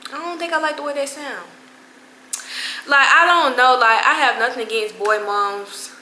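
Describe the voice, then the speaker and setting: Young woman spilling tea on her vlog, slangy and chatty, bright tone, echoey room. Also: high voice, steady tone, normal speed, a little hiss or hum. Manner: chatty, slangy, laughing asides to viewers. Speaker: vlogger. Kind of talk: casual storytime.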